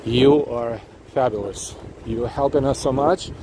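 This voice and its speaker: A man's voice: mid-range voice, a little slow, mellow. A man hosting a live walking tour stream, talking casually and effusively to viewers with lots of restarts and fillers while he walks. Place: city streets outdoors at night. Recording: noisy outdoor street recording. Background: street traffic noise.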